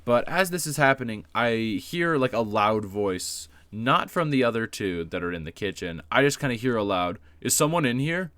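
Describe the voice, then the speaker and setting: A man's voice: lowish voice, expressive, normal speed, few pauses, fairly bright tone, no room sound. A man telling a personal story in a casual vlog, rambling with lots of fillers and swearing, self-deprecating. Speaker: YouTuber.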